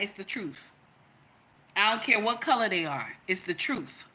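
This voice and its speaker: A woman's voice: medium pitch, expressive, a little slow, pushed and bright. A woman, giving an emphatic, storytelling opinion monologue in which she repeats her points. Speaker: content creator.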